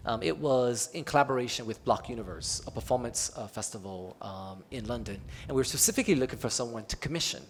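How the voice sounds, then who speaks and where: A man's voice: medium pitch, fast, hardly any pauses, a little hiss or hum. A man speaking on a panel at an arts event in a loose, conversational way, with many filler words. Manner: relaxed and loose, with frequent "um" and "kinda" fillers. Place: public talk at an arts event.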